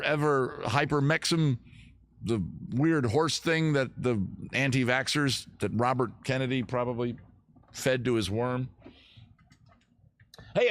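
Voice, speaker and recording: A man's voice: medium pitch, fairly bright tone. A middle-aged man hosting a casual livestream, joking and rambling in a self-mocking way. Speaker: host of a livestream music and beer show. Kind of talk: casual livestream chat and singing with guitar.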